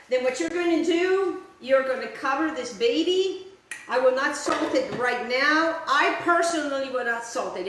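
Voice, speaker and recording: A woman's voice: sits high, fairly bright tone, heavy reverb, low-quality recording. A woman hosting a cooking show, chatting casually to her viewers as she demonstrates a recipe in her kitchen. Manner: chatty, addresses viewers as guys, repeats "just like that".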